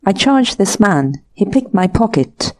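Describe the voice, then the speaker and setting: An anxious, excitable young man, as a woman narrator voices him, talking earnestly and eagerly. Her mellow tone keeps him soft at the edges. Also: mid-range voice, measured pace. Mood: excited.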